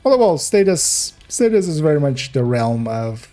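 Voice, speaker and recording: A man's voice: on the high side, very animated, moderate pace, dark tone, soft background music. Man rambling through gameplay commentary. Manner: rambling, chuckling often, self-correcting. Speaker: streamer.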